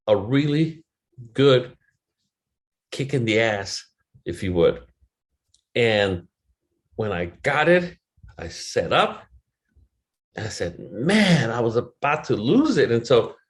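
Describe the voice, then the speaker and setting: A man's voice: mid-range voice, lively intonation, unhurried, pauses often. A middle-aged man giving a motivational webinar talk, telling a candid, emotional personal story with loose swearing. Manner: quotes others in changing voices, rises and falls in loudness.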